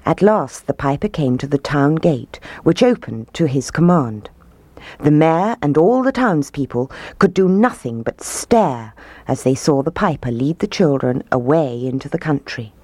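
Low-voiced expressive woman storyteller. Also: measured pace, no echo. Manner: expressive, rhythmic verse reading. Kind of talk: storybook narration.

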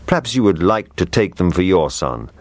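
A man voicing a polite gentleman offering old toys, in a courteous, measured way, in a children's storybook. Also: deep voice, sing-song, no echo.

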